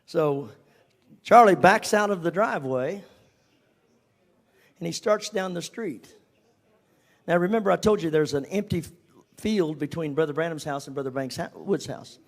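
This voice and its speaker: An older man telling a personal story to a congregation, animated and at times dropping to a whisper. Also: on the high side, moderate pace, pauses often. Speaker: speaker giving a testimony.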